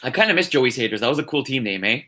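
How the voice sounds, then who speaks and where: Dude with a bright punchy voice hyping up games, keeps saying eh. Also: male voice, mid-range voice, rapid-fire. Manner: excitable, tags sentences with "eh". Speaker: co-host. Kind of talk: casual sports league chat.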